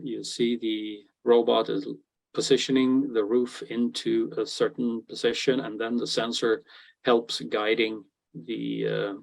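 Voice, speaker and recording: A man presenting a technical product webinar, talking in a halting way with frequent fillers and restarts. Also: medium pitch, vocal fry, a little mellow, low-quality recording.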